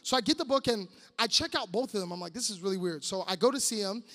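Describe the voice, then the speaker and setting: A man in his thirties giving an animated, joking sermon to students, sometimes breaking into shouts. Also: high voice, quick pace. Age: 30s. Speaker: youth speaker. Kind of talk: comic sermon storytelling. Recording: long hall reverb.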